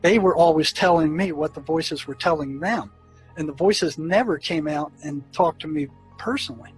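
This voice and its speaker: A man who worked as a therapist in a prison tells stories from his work. He talks earnestly and haltingly, with many restarts and fillers. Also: a little high, faint music behind, low-quality recording. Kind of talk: storytelling recollection.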